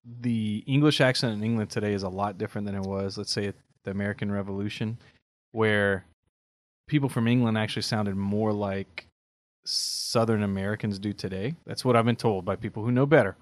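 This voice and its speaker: A man's voice: on the low side, steady tone, a little fast, dry recording. A man co-hosting a podcast in casual, easygoing chat. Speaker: podcast co-host.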